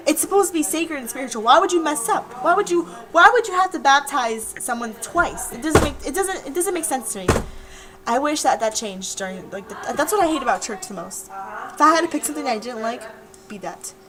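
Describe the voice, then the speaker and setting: A woman's voice: high-pitched, lively intonation, a little fast, low-quality recording. A young woman talking casually to her webcam in a diary-style vlog, rambling and repeating herself. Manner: rambling, chatty, repeats words. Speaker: vlogger.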